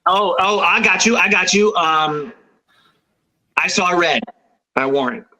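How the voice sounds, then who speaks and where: A cheerful rock singer from New England chats with the hosts. His voice sits a little high and sounds bright and lively. He laughs often and keeps things loose. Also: unhurried, rough recording. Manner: laughs often, upbeat and chatty. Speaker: guest band frontman. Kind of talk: casual chat.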